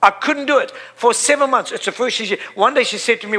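A man's voice: sits high, quick pace, few pauses, bright, forceful tone. A middle-aged man preaching a sermon, impassioned and repetitive, building to emphatic peaks.

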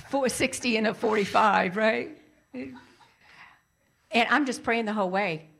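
A woman telling a personal story in a casual, animated way, repeating lines for emphasis. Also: on the high side, drawn-out words, gravelly.

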